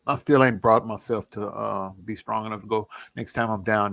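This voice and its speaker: A man vlogging a personal testimony in an earnest, reflective storytelling manner, casual in speech and at times dropping to a near hush. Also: lowish voice, fairly even intonation, normal speed, vocal fry, few pauses.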